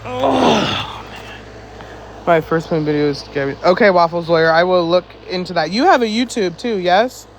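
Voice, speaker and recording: High-voiced man chatting on a live stream. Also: expressive, normal speed, a little hiss or hum, poor audio. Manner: chatty, laughing, teasing viewers back. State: winded. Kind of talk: casual live-stream chat reading comments.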